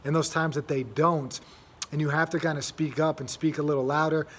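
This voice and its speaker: Chatty young man, slightly high voice. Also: steady tone, brisk, a bit bright, slight background noise. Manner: rambling, many fillers and restarts. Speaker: host. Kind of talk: casual monologue.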